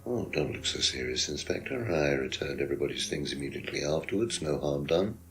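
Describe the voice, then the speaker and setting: A man's voice: very deep voice, expressive, brisk, vocal fry, soft background music, heavily acted. An actor playing a condescending, evasive male teacher under suspicion, speaking in a video game. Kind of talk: full-motion video game acting.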